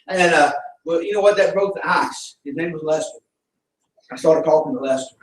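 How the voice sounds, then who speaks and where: A middle-aged missionary man with a Southern accent tells folksy stories and preaches with fervor, his voice a little higher than most men's. He is heard from some distance in a roomy, echoing church sanctuary. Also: moderate pace. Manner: folksy storytelling, fervent preaching. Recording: echoey church room from a distance.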